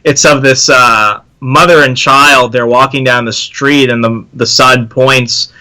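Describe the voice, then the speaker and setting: A man talking as a podcast guest, jokey and quick, now and then slipping into mock voices. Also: medium pitch, fairly even intonation, bright, forceful tone, low-quality recording. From Virginia. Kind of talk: casual podcast chat.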